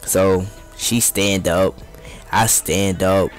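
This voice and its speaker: A young man with a somewhat low voice spins a casual, rambling story packed with profanity and street slang. Faint music sits quietly in the background. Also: steady tone, extremely slow. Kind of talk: casual storytime over gameplay.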